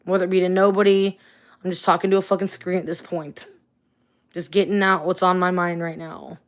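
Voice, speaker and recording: A woman's voice: lowish voice, level tone, a little fast. A woman ranting angrily and swearing on a late-night livestream, tired and venting, talking to a phone or webcam at home. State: tired, up at four in the morning.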